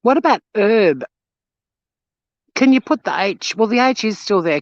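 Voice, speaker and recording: An Australian woman in a mid-range voice chats with viewers and reads their comments on a laid-back phone livestream, laughing often and swearing freely. She's unhurried, with lively intonation and long pauses. The audio is dry and muffled.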